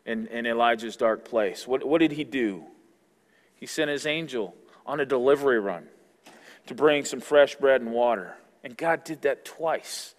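A male pastor giving an earnest sermon, building up loud and then dropping almost to a whisper. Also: medium pitch. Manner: earnest preaching, swells loud then drops to near-whisper. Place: church sanctuary. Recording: long hall reverb.

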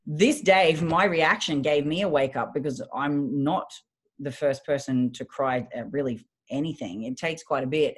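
A woman in her thirties with a voice that sits low tells her story as a guest in a casual interview. She's a fitness coach, and her delivery is blunt, profane and animated.

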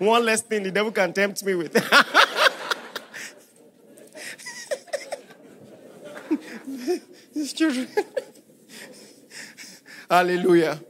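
A man's voice: high-pitched, huge pitch swings, very slow, long pauses, pushed and bright, breathy edge. A man preaching a sermon as pastor, emphatic and firing questions at the congregation.

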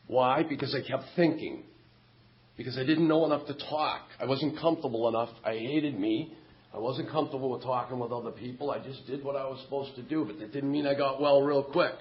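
A man's voice: mid-range voice, steady tone, fairly quick, highs cut off. A middle-aged man telling his story at a recovery meeting, candid and self-mocking. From Massachusetts, USA. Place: meeting hall.

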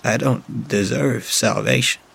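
A man voicing a weary, guilt-ridden grown man who speaks sadly with a halting, breaking voice. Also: mid-range voice, big pitch swings, gravelly, a bit bright, slightly rough, pitched above the performer's own voice, heavily acted. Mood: broken.

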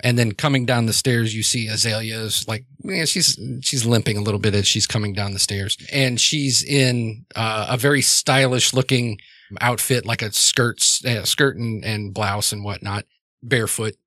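Bright-voiced man running a tabletop game. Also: lowish voice, moderate pace, no echo. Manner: casual, rambling, many fillers. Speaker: game master.

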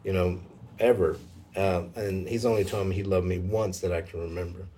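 A man telling a personal faith story in a casual conversation, emotional and halting, with many fillers. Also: sits low, steady tone, mellow, slight background noise.

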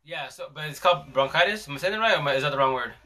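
Male live-stream host, bright tense tone, slangy rambling storyteller. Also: on the high side, lively intonation, racing. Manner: rambling, slangy, frequent restarts. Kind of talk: casual storytelling chat.

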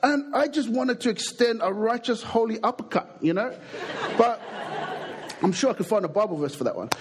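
A young adult man with an Australian accent preaching a sermon, an animated, jokey storyteller who acts out the people in his stories. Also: high-pitched, normal speed, crowd noise, noisy background.

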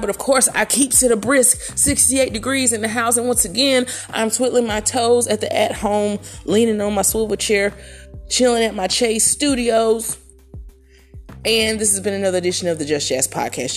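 A middle-aged woman hosting a casual solo podcast from her home, chatty and animated, with playful asides. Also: on the high side. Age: middle-aged or older. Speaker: podcast host. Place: at home in a chair.

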